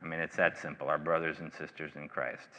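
Earnest and a little fast, this low-voiced pastor's sermon has a flat delivery yet a very bright, forceful tone, surging into emphatic bursts on key phrases and then falling into hushed, low passages. The hall lends a long reverb.

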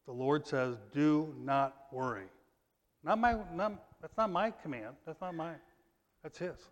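A man preaching a sermon in a conversational way, reading scripture loudly and emphatically, then dropping to quiet asides. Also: a little high, a little slow. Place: church sanctuary. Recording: long church reverb.

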